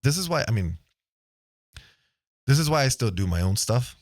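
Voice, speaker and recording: Speaking at a moderate pace with a medium-pitched, very animated voice, this man hosts a podcast in loose, casual conversation, often checking in with "right?" and swearing now and then. The close studio mic gives studio-quality audio without any echo.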